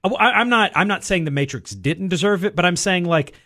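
A man's voice: sits high, lively intonation, fairly quick, bright, forceful tone. A man co-hosting a casual chat about films, rambling with lots of fillers and restarts.

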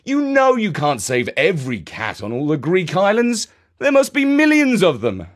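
A man's voice: high voice, wildly swooping pitch, normal speed, pitched above the performer's own voice. A man playing a blunt, teasing uncle in a children's audio story, his tone matter-of-fact. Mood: cheerful.

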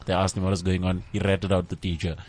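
A man's voice: deep voice, level tone, quick pace, a little mellow. A man with a South African accent telling a loose, improvised story in casual podcast chat.

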